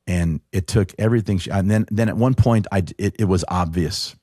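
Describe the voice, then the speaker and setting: A deep-voiced middle-aged man tells a heartfelt personal story as a podcast guest. He speaks earnestly, stumbling and restarting as he goes. The recording is close and dry, with no room sound. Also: mellow, no room sound. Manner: earnest, halting, with frequent restarts. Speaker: podcast guest, show producer. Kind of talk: emotional personal storytelling in conversation.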